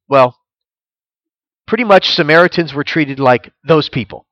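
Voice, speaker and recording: A man's voice: on the high side, brisk, fairly bright tone, no echo, dull audio. Earnest man preaching, dry close sound. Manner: earnest teaching, rising with emphasis, reads scripture aloud. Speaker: pastor. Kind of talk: sermon.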